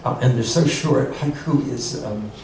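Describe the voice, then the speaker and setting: An older man, a poet, reading poems slowly and repeating each short one, then talking to a group. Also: mid-range voice, a little mellow. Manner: slow, measured reading, repeating each haiku twice. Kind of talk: poetry reading and talk to a group. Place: arts center room with an audience. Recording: echoey room, mic far off, noisy.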